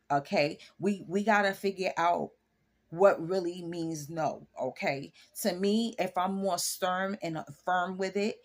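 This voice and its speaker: A woman in her forties with a slightly low, voice, speaking frankly in a casual vlog. She chats straight to her viewers and sounds sure of her opinions. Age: 40s. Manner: frank, chatty, addresses viewers directly. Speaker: vlogger.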